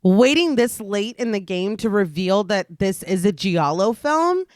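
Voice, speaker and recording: A woman's voice: medium pitch, animated, a little slow, no echo, clean studio sound. A woman co-hosting a horror podcast, chatting casually with teasing banter. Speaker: podcast co-host. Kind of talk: casual chat.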